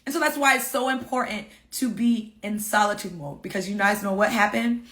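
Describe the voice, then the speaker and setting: A woman author and coach telling viewers her own story in a casual, animated, emphatic way, swearing freely. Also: medium pitch, brisk.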